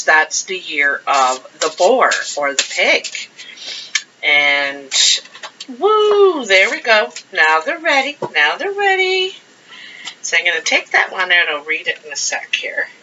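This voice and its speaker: A woman's voice: fairly low pitch, pushed and bright, slight background noise. A woman giving a casual monthly tarot reading, chatty and rambling as she thinks aloud over the cards. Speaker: tarot card reader. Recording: dull lo-fi sound.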